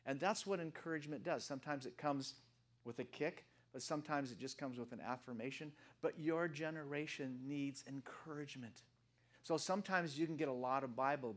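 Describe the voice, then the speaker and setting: A man of seventy preaching a casual, animated sermon, joking with the congregation and swinging from soft to loud. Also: mid-range voice. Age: 70s. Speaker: guest preacher.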